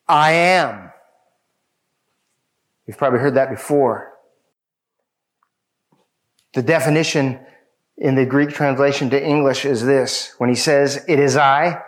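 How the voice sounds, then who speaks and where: Man, high-pitched voice, sermon, emphatic, speaks straight to the listeners. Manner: emphatic, addresses listeners directly. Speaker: preacher.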